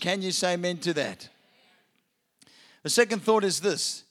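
A male pastor delivers an Easter sermon to a church congregation. His voice sits high for a man, and he slows down and pauses to let key lines land. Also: animated, a bit bright. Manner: preaching with dramatic pauses, slowing for emphasis. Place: church with a balcony.

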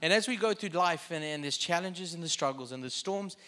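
A man's voice: fairly high pitch, animated, a little fast, pushed and bright. A man preaching a sermon in a conversational way, with joking asides.

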